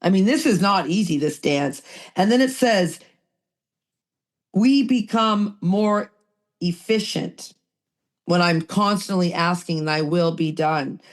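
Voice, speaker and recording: A woman's voice: lowish voice, slow, pauses often. A woman co-hosting a recovery podcast, reading passages aloud and earnestly scolding herself, stretching words for emphasis. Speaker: podcast co-host.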